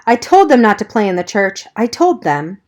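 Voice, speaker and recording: A woman's voice: medium pitch, sing-song, normal speed, darkish tone, close to an everyday voice. A woman reading the lines of an anxious mother whose children are missing, speaking with urgency. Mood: worried. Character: worried mother searching for missing kids.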